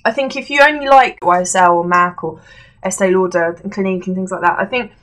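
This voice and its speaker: A woman's voice: mid-range voice, fast talker, a bit bright. A young woman chatting casually through a beauty product review, rambling with fillers and self-corrections while seated indoors. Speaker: beauty vlogger. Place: indoors at home, seated on a creaky chair.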